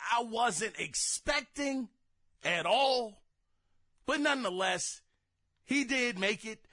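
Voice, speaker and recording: High, bright-voiced man ranting slowly. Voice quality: exasperated, theatrical rants with shouted outbursts. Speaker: podcast host. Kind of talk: casual gaming commentary.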